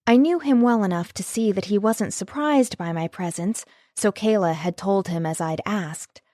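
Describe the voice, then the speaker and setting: Woman narrator, emotive first-person audiobook read, medium pitch, dry close sound. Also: moderate pace, dark tone, no echo. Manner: emotive reading.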